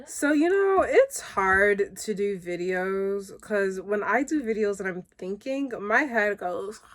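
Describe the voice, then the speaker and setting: A woman's voice: medium pitch, animated, takes it slowly. A woman talking casually on her vlog, upbeat and encouraging, chatting freely and laughing often. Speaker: vlogger. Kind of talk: casual motivational vlog talk.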